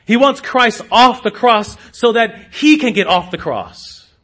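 A man preaching a sermon to his congregation, slow and emphatic, with sudden rises in pitch and loudness. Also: expressive. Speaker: pastor.

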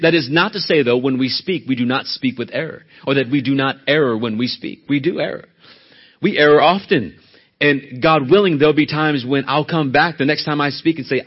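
On a muffled recording, a man with a mid-range, slightly rough voice preaches as a church elder. His delivery is emphatic: he leans hard on important words before dropping to a hushed near-whisper.

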